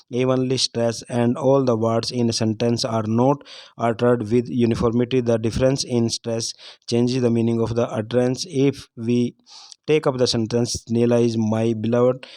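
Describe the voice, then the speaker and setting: A man's voice: medium pitch, dry recording. Indian-accented man reading revision notes. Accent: Indian English. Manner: steady reading with occasional slips and fillers. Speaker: exam coaching tutor.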